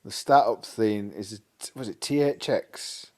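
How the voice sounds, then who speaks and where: A man's voice: lowish voice, moderate pace, warm tone. A man, co-hosting a casual chat and reminiscing with frequent laughs and tag questions. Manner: chatty, laughs a lot, asks for agreement with tag questions. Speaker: podcast co-host.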